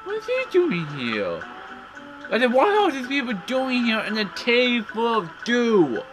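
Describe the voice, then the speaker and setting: Excitable man shouting over gameplay. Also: very high voice, a little slow, over music, low-quality recording. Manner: yells and exclaims at the game. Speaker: let's play gamer.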